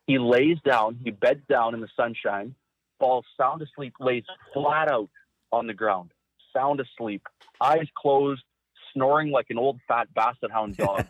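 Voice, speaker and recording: A man tells a hunting story with intensity, acting out the voices in it. His sound is thin and phone-like, and the voice is close and dry. His pitch sits in the middle range. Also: no room sound. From Saskatchewan, Canada. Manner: intense, vivid, acts out quotes. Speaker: guest hunter. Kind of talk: animated storytelling. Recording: tinny phone-like line.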